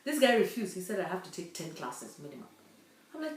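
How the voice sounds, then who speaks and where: A woman's voice: fairly high pitch, very animated, quick pace, darkish tone. A woman in her fifties from Kenya, talking to her viewers in an earnest, chatty monologue. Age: 50s. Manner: earnest, chatty, with many fillers. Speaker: vlogger. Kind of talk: casual monologue. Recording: roomy echo, distant mic.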